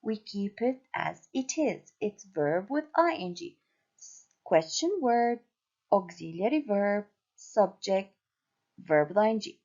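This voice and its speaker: A woman from Syria teaches an English grammar lesson at a slow, careful pace, spelling words out letter by letter. Her pitch moves a lot as she explains. The recording sounds dull and lo-fi. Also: animated, a little mellow.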